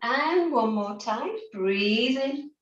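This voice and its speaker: A woman's voice: on the high side, animated, extremely slow, lo-fi sound. A woman guiding an online laughter yoga session, upbeat and encouraging, often breaking into laughter. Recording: roomy, distant from the mic.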